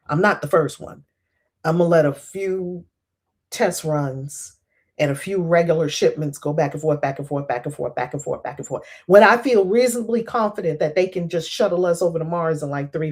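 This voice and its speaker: A middle-aged woman hosting a casual livestream about scripture, chatty and animated, laughing often. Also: lowish voice. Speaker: host reading and discussing scripture.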